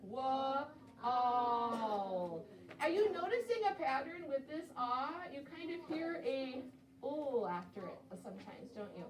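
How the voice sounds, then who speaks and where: Woman, elementary teacher running a phonics lesson, high voice, encouraging, stretches out sounds; echoey room, heard from afar. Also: animated. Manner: encouraging, sounds out words slowly. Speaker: second-grade teacher. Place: classroom. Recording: roomy classroom audio from a distance.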